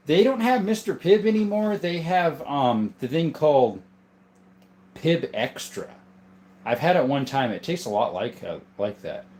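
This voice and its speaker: A man in his thirties from southern Arizona, chatting casually on a livestream, greeting viewers by name and showing his collection. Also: mid-range voice. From southern Arizona, USA. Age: 30s. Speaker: livestream host and gun collector. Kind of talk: casual livestream chat reading comments.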